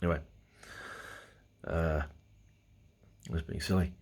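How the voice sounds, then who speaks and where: Low-voiced Australian man rambling casually. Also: flat delivery, slow, vocal fry, a little mellow, husky. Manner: rambling, chatty, with blunt swearing. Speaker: travel vlogger. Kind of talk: casual travel diary.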